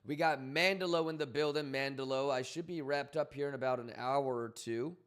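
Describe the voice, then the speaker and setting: A man's voice: medium pitch, steady tone, brisk, clear, resonant tone. A man streaming live, talking loosely and profanely as he reads chat messages aloud and rambles. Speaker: crypto trading livestreamer.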